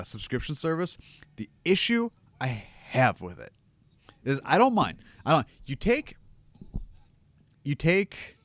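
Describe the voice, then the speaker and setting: A young man from the United States hosts a casual watch-along livestream from a room at home, ranting, rambling and swearing a lot. His voice is medium-pitched. The recording is dry.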